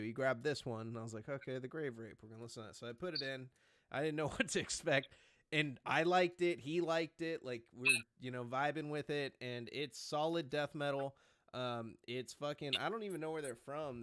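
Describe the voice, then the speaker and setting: A man's voice: medium pitch, brisk, fairly bright tone, dry recording, studio quality. A young man co-hosting a casual chat, rambling, swearing and laughing often. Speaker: podcast co-host.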